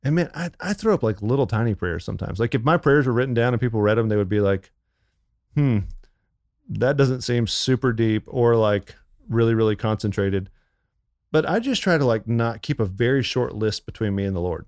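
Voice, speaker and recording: A man on the church staff, co-hosting a casual faith podcast in an animated, upbeat way, with lots of fillers. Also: medium pitch, quick pace, few pauses, no room sound, clean studio sound.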